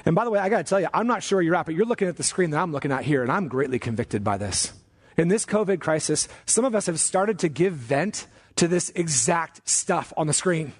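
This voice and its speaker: A male pastor delivers a sermon with a fairly high voice. He preaches emphatically, slowing down and climbing in pitch to drive key commands home. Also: animated, slightly rough.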